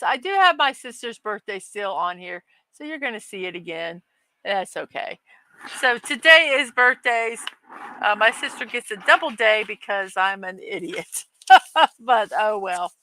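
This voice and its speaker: A woman's voice: mid-range voice, bright, forceful tone, no room sound, low-quality recording. A woman hosting a daily morning livestream in casual chat, reading viewer comments aloud with easy laughter and poking fun at herself. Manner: chatty and self-deprecating, laughs often, reads chat aloud.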